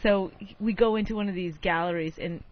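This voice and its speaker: A man's voice: high voice, fairly even intonation, brisk. A man co-hosting a radio talk show, telling a mocking, joking story in casual banter. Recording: slightly muffled radio broadcast.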